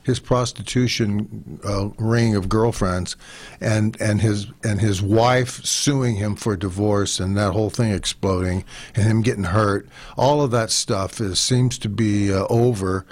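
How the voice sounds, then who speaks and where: A man's voice: lowish voice, steady tone, unhurried, dry recording. A man co-hosting a sports talk radio show, a former football player speaking bluntly and jokingly, often repeating himself.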